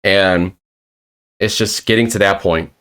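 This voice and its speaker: A man's voice: deep voice, fairly even intonation, measured pace, fairly bright tone, clean tone. A man hosting a casual live-streamed interview, rambling and swearing freely as he retells stories. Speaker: podcast host.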